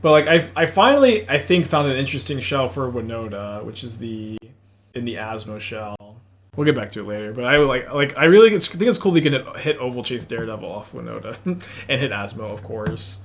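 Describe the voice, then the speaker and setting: Texas guy streaming a card game, thinks out loud, rambly and excited, desk mic. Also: medium pitch, a little fast, a little hiss or hum. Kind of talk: casual gameplay commentary.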